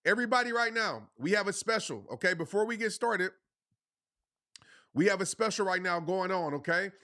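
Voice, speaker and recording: A man's voice: high voice, animated, moderate pace, bright, forceful tone. A man hosting a livestreamed motivational talk, speaking passionately and pushily, repeating phrases for emphasis with casual slang. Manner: casual slang, addresses the audience as y'all.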